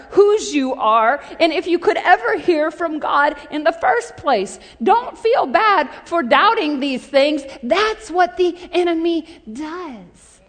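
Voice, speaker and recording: A woman's voice: high-pitched, big-room sound. A woman pastor preaching a sermon in a chatty storytelling way, calling on the congregation to respond. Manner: conversational storytelling, calls for audience response.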